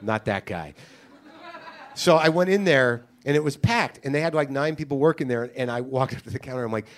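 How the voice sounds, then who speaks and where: A man's voice: medium pitch, animated, fairly quick. A man hosting a podcast, telling an exasperated, profane story in a casual comedic monologue. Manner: ranting, profane, incredulous storytelling. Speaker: podcast host.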